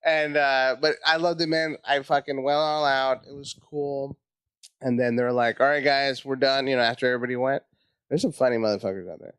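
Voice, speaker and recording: A man from tells a story in casual, profane chat, jumping into high, strained voices to act out his own panic. He sits at a middling pitch. The recording is dry and close, with no room sound. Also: steady tone, brisk, a bit bright, clear, resonant tone, no echo. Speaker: comedian guest.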